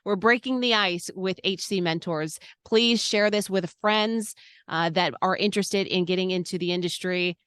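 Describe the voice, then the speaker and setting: A woman's voice: on the low side, moderate pace, fairly bright tone, clear, resonant tone, no echo, studio quality. A woman hosting an online mentoring interview, asking questions and wrapping up the session in a polished, friendly way. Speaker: host.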